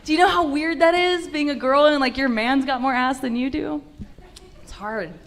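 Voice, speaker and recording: A woman's voice: high voice, normal speed, a bit bright. A young woman doing a stand-up set in a comedy club, brash and profane with punchy delivery into a handheld mic.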